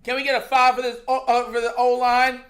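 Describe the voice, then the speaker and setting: A sports show host in an animated, exasperated rant, slangy and mocking, laughing between points. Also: medium pitch, brisk. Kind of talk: heated sports talk rant.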